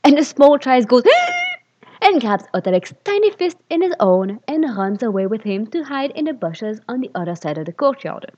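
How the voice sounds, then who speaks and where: A woman's voice: medium pitch, darkish tone. A woman reading fan fiction aloud, stopping for sarcastic, sweary asides about the text. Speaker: reader. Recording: dull lo-fi recording.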